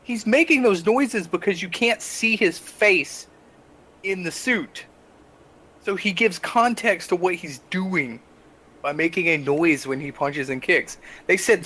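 A young adult man co-hosting a casual podcast, telling a story with animated, exasperated asides. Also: sits high, a little slow. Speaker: podcast co-host.

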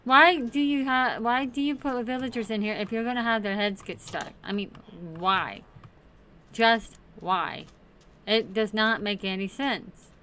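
A woman's voice: medium pitch, bright, forceful tone, a little hiss or hum. A woman host casually commenting on her Minecraft play, chatty and playful, talking to the game's characters. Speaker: gaming channel host.

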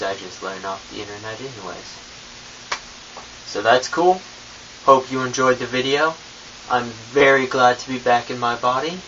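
A young man talks to his viewers in a quiet, offhand, rambling way. His voice sits at a middling pitch. He is picked up from a distance by a hissy home camera mic. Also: muffled recording. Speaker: vlogger. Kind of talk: casual vlog talk.

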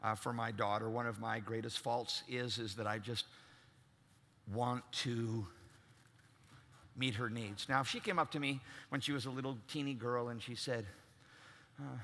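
A man's voice: medium pitch, fairly even intonation, normal speed, pauses often, pushed and bright. A man preaching a sermon as pastor, emphatic and acting out the voices he quotes. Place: large church. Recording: long reverb in a large church.

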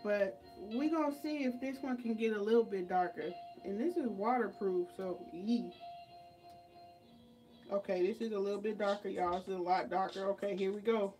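A woman's voice: mid-range voice, moderate pace, warm tone, soft background music. A woman vlogging a makeup tutorial in a dramatic, chatty way, calling on the Lord and calling viewers y'all and child. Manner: dramatic, exclaims to God and the Lord.

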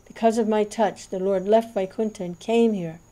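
A man's voice: high-pitched, steady tone, moderate pace, warm tone, close to an everyday voice. A woman reading as a fervent old sage. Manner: fervent, tearful exclamations. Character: older male sage, overwhelmed with devotion.

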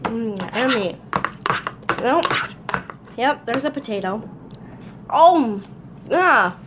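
A woman's voice: a little high, expressive, extremely slow, dull audio. A young woman vlogger chatting casually through a challenge video, giggling often. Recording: noisy home recording.

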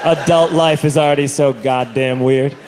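A man doing a stand-up comedy set, telling stories in an animated way and acting out other people's voices, recorded live on stage. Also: medium pitch, normal speed. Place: comedy stage with a laughing audience. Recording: live show with audible audience noise.

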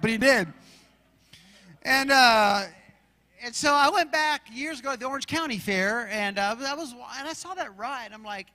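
Preaching as pastor, this man from Arizona acts out roars and shouts while animatedly telling stories. He speaks at a normal speed in a very high-pitched voice, with the sound of a big room around him.

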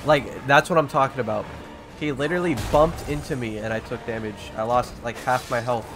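Excitable young man swearing through gameplay. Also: mid-range voice, a little fast. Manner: excitable, swearing, slangy and animated. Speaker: gaming streamer. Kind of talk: gameplay commentary. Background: game music.

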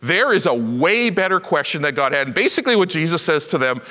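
A man preaching a sermon as pastor, retelling a story in an animated, emphatic way. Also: fairly high pitch, fast, in a large hall. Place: church sanctuary.

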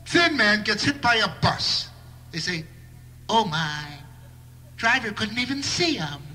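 A man's voice: high-pitched, sing-song, a little slow, sharp tone, a little hiss or hum. A man doing a live stand-up routine with a wry observational delivery and bursts of mock outrage. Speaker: stand-up comedian.

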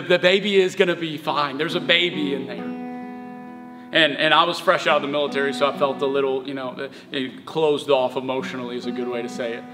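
A young man preaching a sermon as pastor, telling a personal story in an earnest, heartfelt way. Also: a little high. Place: church sanctuary. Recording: reverberant church hall with soft music.

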